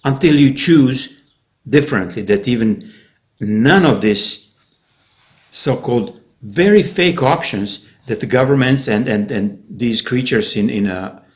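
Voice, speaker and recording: A man's voice: mid-range voice, expressive, unhurried. A man vlogging in a rambling, sarcastic monologue, full of restarts and conspiratorial asides.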